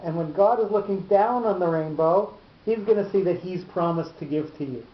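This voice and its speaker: A teacher giving a lesson on cantillation notes, explaining slowly and often repeating words as he goes. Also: medium pitch, echoey room, dull audio. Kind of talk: lecture on cantillation.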